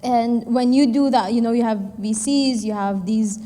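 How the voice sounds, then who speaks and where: A young woman in her twenties gives a candid, rambling talk to an audience, full of fillers and acted-out conversations. Her voice sits a little high. The sound rings with the long reverb of a large hall. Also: normal speed, warm tone. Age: 20s. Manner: candid, chatty, many fillers, acts out quoted dialogue. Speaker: startup founder and event speaker. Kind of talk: personal story speech to an audience. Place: event hall.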